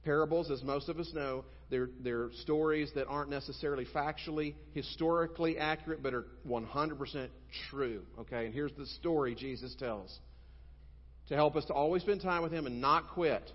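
A man's voice: on the high side, normal speed. Preaching man in a reverberant hall. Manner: storytelling, emphatic, shifting from loud to quiet. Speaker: pastor. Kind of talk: sermon. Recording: dull sound with long hall reverb.

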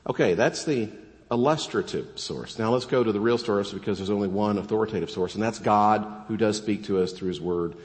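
A man preaching a sermon as pastor, casual and joking, animated as he tells a story. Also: on the low side, brisk. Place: church sanctuary. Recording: long church reverb.

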